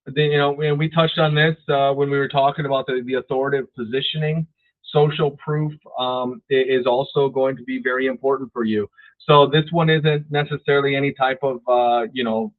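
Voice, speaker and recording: A man giving a casual real estate sales training, often repeating words and checking in with "right?". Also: medium pitch. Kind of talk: training talk. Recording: dry, phone-like lo-fi audio.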